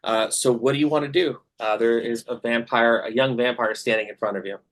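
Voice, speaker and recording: A man runs a tabletop session as game master, describing scenes in a loose, halting way packed with fillers. His voice sits at an ordinary middle pitch for a man. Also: steady tone.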